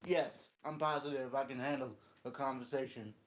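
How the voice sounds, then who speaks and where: A man's voice: mid-range voice, fairly even intonation, normal speed, muffled recording, natural voice. A man voicing a confident male adventurer who insists on doing the talking. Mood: assured. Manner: confident, takes charge. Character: self-assured male adventurer, smooth talker.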